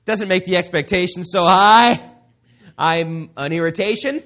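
A man's voice: high voice, measured pace, a bit bright. A male preacher giving a sermon in an emphatic, conversational way, often asking the audience questions. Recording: dull lo-fi recording.

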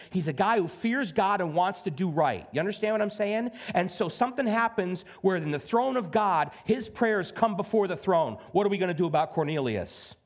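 Male pastor, high voice, swoops up and down, sermon, conversational, muffled recording. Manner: animated, conversational, acts out voices, keeps asking "okay?". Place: church sanctuary.

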